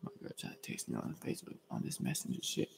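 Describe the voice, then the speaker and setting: A young man from Georgia hosting a livestream, telling rambling, profane stories in slangy, fast casual talk. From US state of Georgia. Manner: fast talker. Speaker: livestream host. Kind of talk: casual storytelling monologue. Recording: roomy with long reverb.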